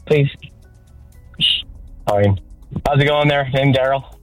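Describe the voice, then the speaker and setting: A man's voice: medium pitch, slow, dry recording, soft background music, natural voice, rough recording. A man playing a flustered radio caller who rambles.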